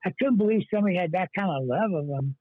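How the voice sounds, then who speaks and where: A man's voice: high voice, lively intonation, quick pace, dry recording. A man, a pastor, earnestly telling his life story in an interview, rambling with many fillers and restarts. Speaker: pastor, guest. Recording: tinny phone-line sound.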